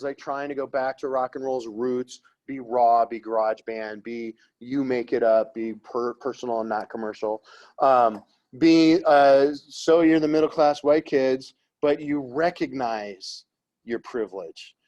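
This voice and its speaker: A man's voice: mid-range voice, a little mellow, lo-fi sound. Man giving a rambling classroom lecture. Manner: rambling and conversational, checks in with "right?" and "okay?", teases students. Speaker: art history teacher.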